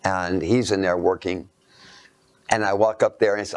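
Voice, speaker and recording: A man lecturing through a personal anecdote, halting and self-mocking, dropping into hushed asides. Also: low voice, fairly even intonation, clear, resonant tone, dry recording.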